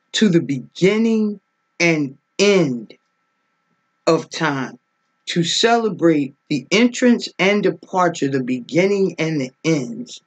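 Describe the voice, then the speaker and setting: Husky woman preaching with emphatic questions. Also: deep voice, a little mellow. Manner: emphatic, asks rhetorical questions, often says "okay?". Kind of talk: spiritual teaching sermon.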